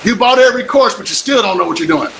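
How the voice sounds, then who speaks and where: Emphatic older man, bright, high voice. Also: expressive, quick pace, gravelly, slight background noise, poor audio. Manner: preachy, emphatic, repeats lines for effect. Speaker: real estate investor and coach. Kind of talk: motivational live stream pitch.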